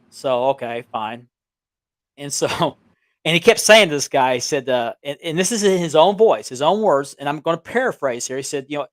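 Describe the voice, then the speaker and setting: A man's voice: a little high, animated, moderate pace, no echo, clean studio sound. A man co-hosting a collectors' chat show, telling a rambling story over a remote call, with frequent restarts and chuckles. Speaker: belt collecting show co-host. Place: small town home. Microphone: remote call with audio delay.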